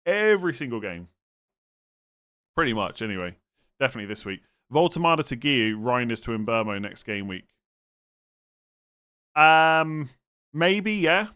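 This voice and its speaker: A man's voice: mid-range voice, big pitch swings, normal speed, long pauses, bright, forceful tone, smooth. A man chatting casually on a live stream, thinking aloud and answering viewers' questions, often hesitant and now and then exasperated. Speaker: fantasy football streamer answering chat.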